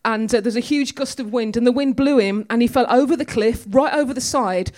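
Woman preacher, chatty storytelling sermon, fairly high voice, church. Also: brisk, a little mellow. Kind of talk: conversational sermon.

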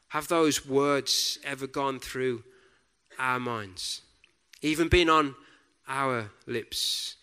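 A man preaching a sermon in a deliberate, reflective way, often dropping to a soft hush on key words. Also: medium pitch.

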